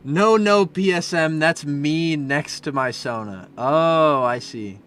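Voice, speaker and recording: A young man streaming as he reviews fan art, chatting casually and breaking into loud, profane rants. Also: a little high, takes it slowly, slight background noise. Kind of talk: live-stream commentary.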